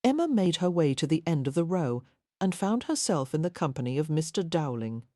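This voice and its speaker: A woman narrating a historical romance audiobook in a measured, even reading. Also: low voice, dry recording, studio quality.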